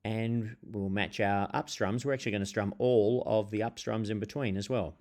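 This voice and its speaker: A man teaching a ukulele strum pattern, speaking in a relaxed, hesitant way with many fillers and counting beats out loud. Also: lowish voice, moderate pace, soft background music. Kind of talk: instructional explanation with counting.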